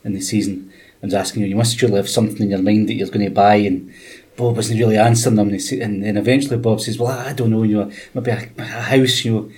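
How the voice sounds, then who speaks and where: A man, a golf expert on a podcast, talking casually and haltingly, searching for words. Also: on the low side, steady tone, a little mellow.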